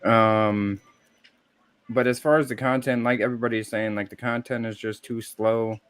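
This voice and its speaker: A male panelist on a casual gaming podcast, with an ordinary middle-pitched voice. He speaks in a relaxed, hedging way, full of ums and casual swearing. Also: normal speed, clean tone, no room sound.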